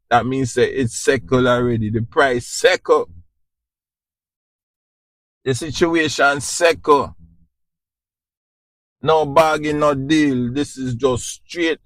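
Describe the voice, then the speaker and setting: A man's voice: medium pitch, fairly bright tone, no echo. A man with a Jamaican accent hosting a podcast, giving an informal spiritual talk in a preachy, repetitive way and often asking if you understand. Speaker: podcast host.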